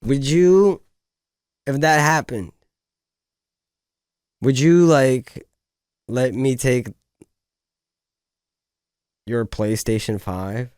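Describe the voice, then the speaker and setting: A man's voice: mid-range voice, very slow, long pauses, darkish tone, clear, resonant tone, no echo, clean studio sound. A young man co-hosting a podcast, chatting casually and narrating role-play scenes with animation. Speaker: podcast co-host. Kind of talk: casual chat.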